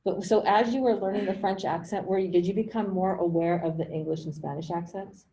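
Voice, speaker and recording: A woman instructor lectures her writing class over a video call in a mellow, warm, mid-range voice, talking fairly quickly. She is loose and conversational, checking in often with "okay?" to make sure students follow. The recording is rough, with a faint hiss underneath.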